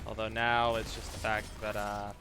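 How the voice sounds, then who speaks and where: A man's voice: lowish voice, monotone, normal speed. A man commentating his own live game stream, thinking aloud, stammering and repeating phrases, and swearing when things go wrong.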